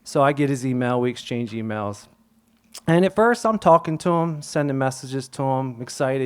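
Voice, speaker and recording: On stage, a young adult man shares a personal story in a clean, mid-range voice at normal speed. He's animated, acting out the voices of the people he quotes and sometimes dropping to a whisper.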